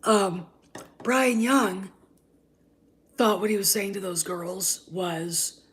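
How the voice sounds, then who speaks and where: A channel host, a woman, rants scornfully and heatedly on her commentary vlog, often adding "okay?" and slipping into breathy, almost whispered asides. Her voice is medium in pitch and slow.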